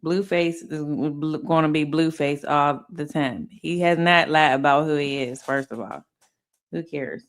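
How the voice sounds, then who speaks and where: A woman's voice: low voice, measured pace. A woman hosting casual commentary, blunt and profane, often laughing. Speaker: commentary host.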